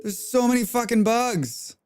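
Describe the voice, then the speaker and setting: Animated, rambling male game streamer. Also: extremely high pitch, unhurried, smooth. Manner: rambling, profane, reads chat aloud. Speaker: livestreamer. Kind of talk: casual game stream chat.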